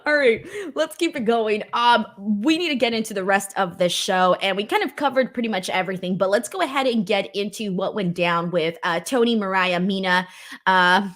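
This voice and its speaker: A woman's voice: mid-range voice, normal speed, a bit bright. A young woman hosting a casual wrestling post-show, reading viewer comments aloud and laughing often. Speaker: host. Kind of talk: casual chat.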